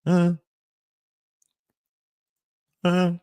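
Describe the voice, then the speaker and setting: A man rants on his livestream in a taunting, profane way, repeating himself and prodding with "huh?". He speaks slowly in a slightly high voice. The recording is dry and close. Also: lively intonation, no room sound. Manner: taunting, repetitive, profane, keeps asking "huh?". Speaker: livestream host. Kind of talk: profane live-stream rant.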